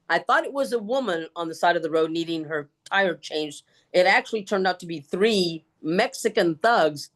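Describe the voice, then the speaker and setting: A woman speaker answering questions on a video call, with an animated storytelling delivery. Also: fairly low pitch. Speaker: guest speaker. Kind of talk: Q&A answers in an online meeting.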